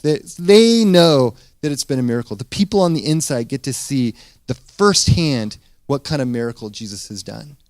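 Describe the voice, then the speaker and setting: A man preaching a sermon as pastor, retelling a scripture story in a casual, animated way with frequent restarts. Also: a little high, dry recording, clean studio sound.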